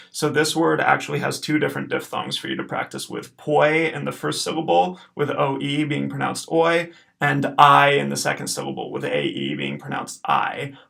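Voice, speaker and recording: A male teacher with a gravelly edge in his voice, giving a recorded Latin pronunciation lesson. He goes word by word, saying each one slowly and then repeating it so the learner can follow. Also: fairly high pitch, fairly bright tone.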